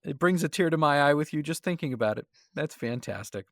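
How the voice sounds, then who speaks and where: A man co-hosting a casual podcast, his pitch lively and a little high. He makes wry, sarcastic asides, recorded close and dry. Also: a little fast, dry recording. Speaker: podcast co-host. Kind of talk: casual chat.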